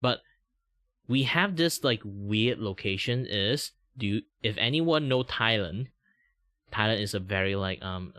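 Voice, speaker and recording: A man's voice: lowish voice, pushed and bright, no echo. A young man from Malaysia hosting a casual livestream chat, talking in a rambling, filler-heavy way, laughing often and playfully teasing his viewers. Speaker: livestream host.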